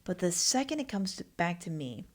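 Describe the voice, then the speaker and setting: A woman's voice: on the low side, sing-song, normal speed. A woman hosting her own podcast, rambling and self-mocking in casual solo chat. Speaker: podcast host.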